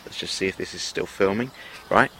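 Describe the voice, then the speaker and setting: A man with a fairly low voice rambles through a self-filmed video monologue, hesitating and restarting often. A faint hiss of background noise sits under his voice. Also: brisk, bright, forceful tone. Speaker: vlogger.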